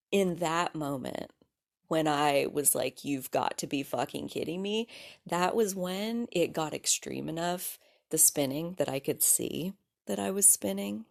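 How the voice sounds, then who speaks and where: A young adult woman hosting her own podcast, telling a personal story in a casual, animated way, full of likes, restarts, laughs and swearing. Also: mid-range voice, creaky. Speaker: podcast host.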